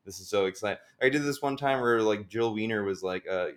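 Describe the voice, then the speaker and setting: A man's voice: lowish voice, fairly quick. A young man, a stand-up comedian, chatting casually on a podcast, rambling with lots of "like" and frequent laughter. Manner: rambling, heavy use of "like", laughs often.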